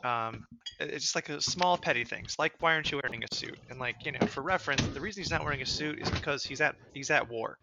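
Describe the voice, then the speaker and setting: A man's voice: fairly high pitch, fast talker, creaky, very noisy. A man co-hosting a casual political podcast, ranting heatedly and swearing often. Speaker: podcast co-host.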